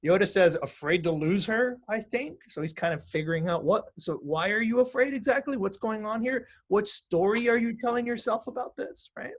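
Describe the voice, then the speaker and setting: A man's voice: high voice, a little fast, hardly any pauses. A man teaching music and mindfulness in a conversational online class, often asking "right?" to check in with students.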